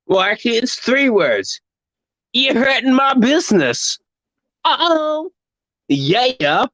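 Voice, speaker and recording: A man's voice: extremely high pitch, big pitch swings, slow pace, fairly bright tone, no room sound, pitched above the performer's own voice, heavily acted, poor audio. A man voicing a crude, boastful American hack artist in an exaggerated American accent, full of profane bluster. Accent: American caricature. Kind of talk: casual stream banter.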